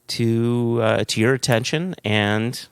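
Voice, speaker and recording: A man's voice: mid-range voice, fairly even intonation, takes it slowly, smooth, dry recording. A man co-hosting a podcast, chatting casually and reading listener emails aloud, often laughing as he goes. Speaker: podcast co-host.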